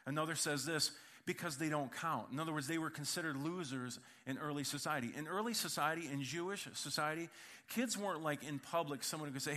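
A man's voice: fairly high pitch, brisk, pushed and bright. A man preaching a sermon in church, opening with prayer and then telling a humorous personal story in a conversational way, speaking directly to the congregation. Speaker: pastor.

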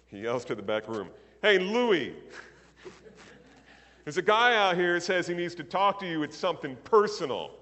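A man preaching, telling an anecdote in animated storytelling style and acting out the characters' lines. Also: on the low side, big-room sound. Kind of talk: sermon storytelling.

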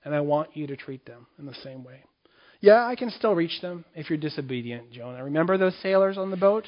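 A man preaching a sermon on scripture in a conversational way, acting out the quoted lines with sudden jumps in pitch. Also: lively intonation, brisk. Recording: dull lo-fi recording.

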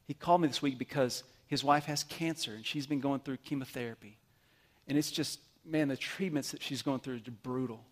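A man preaching a sermon, animated, swinging between loud emphatic bursts and quiet asides. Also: medium pitch, brisk. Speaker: pastor.

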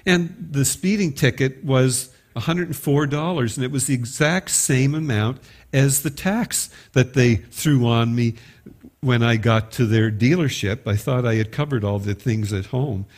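A man's voice: medium pitch, unhurried. A middle-aged man preaching a sermon in a conversational, storytelling manner. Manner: conversational storytelling, occasional stumbles. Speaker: pastor.

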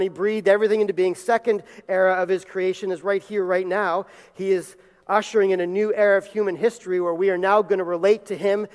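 Brief: male pastor, emphatic sermon delivery, high voice, long church reverb. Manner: emphatic, building to loud peaks. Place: church sanctuary.

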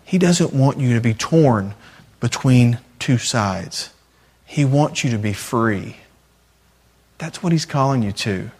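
A man's voice: mid-range voice, animated, slow pace, darkish tone, breathy edge. A man giving a sermon as a youth pastor, often repeating himself and asking the audience rhetorical questions.

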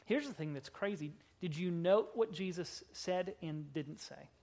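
Emphatic woman preaching a sermon. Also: on the low side. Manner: emphatic, swinging between loud and hushed; slows down to stress key words. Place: church service.

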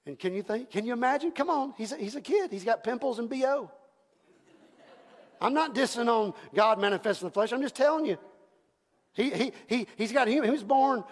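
A man preaching a sermon as pastor, impassioned, swinging from hushed passages to shouted ones. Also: high-pitched, a little fast. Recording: long reverb from a large hall.

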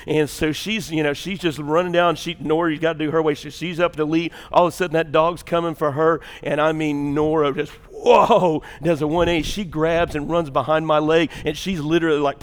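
An older man preaches a sermon in a church, voice sitting a little high for a man. He tells folksy stories and swings between loud, animated bursts and hushed, intense stretches. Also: clear, resonant tone, long reverb tail. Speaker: pastor.

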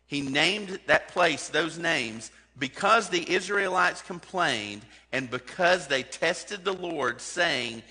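A man's voice: a little high, expressive, takes it slowly, hardly any pauses, sharp tone, husky. A man preaching a sermon as a pastor, talking in a conversational way and putting direct questions to his congregation. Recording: long hall reverb.

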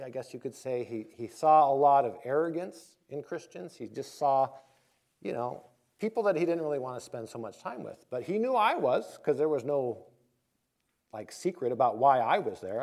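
A man's voice: mid-range voice, gravelly. A man, a pastor, preaching a conversational sermon, telling a personal story and acting out quoted voices before reading scripture.

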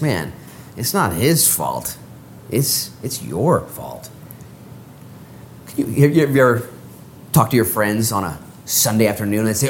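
A man preaching a casual, animated sermon as a pastor, speaking in slang and acting out the voices of the people in the story. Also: medium pitch, a little hiss or hum.

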